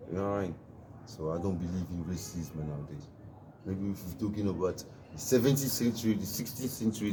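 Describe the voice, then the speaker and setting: A man from Africa with a very deep voice speaks into a phone outdoors in the cold, with plain street ambience behind him. He delivers a rambling, emphatic monologue and repeats himself to drive his point home. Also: background noise. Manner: preachy, emphatic, repetitive. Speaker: vlogger.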